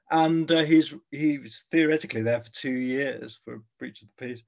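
A man talks as a guest expert in an interview, musing and pausing often as he thinks aloud. His voice sits in a middle register. The recording sounds a little dull and lo-fi. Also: medium pitch, creaky, darkish tone. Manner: thoughtful, hesitant, with frequent fillers. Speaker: guest historian. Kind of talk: conversational interview.

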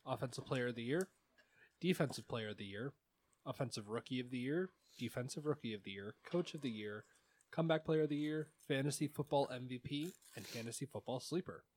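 A man's voice: medium pitch, fairly quick, a little mellow. A man hosting a casual sports podcast, talking in an easygoing way with plenty of ums and uhs. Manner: laid-back, many ums and uhs. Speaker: podcast host.

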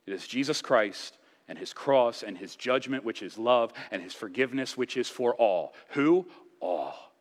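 A man's voice: medium pitch, animated, a little slow, big-room sound. A male pastor preaching a sermon with impassioned emphasis, rising and dropping his voice to drive points home. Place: church sanctuary.

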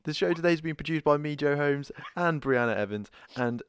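A man co-hosting a casual podcast, bantering and teasing in relaxed chat. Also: fairly high pitch, brisk, a little hiss or hum. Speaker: podcast co-host. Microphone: headphones and podcast mic.

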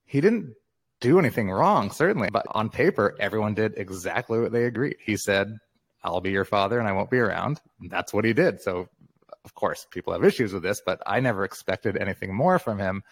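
A man's voice: lowish voice, expressive, brisk, slightly rough, no room sound. A man in his fifties, a guest author in a casual interview, talking candidly and reflectively and laughing often.

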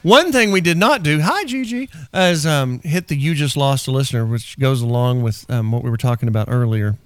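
A man hosting a radio show, joking and bantering quickly in the studio. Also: medium pitch, lively intonation, no room sound. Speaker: radio host. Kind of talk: casual radio talk.

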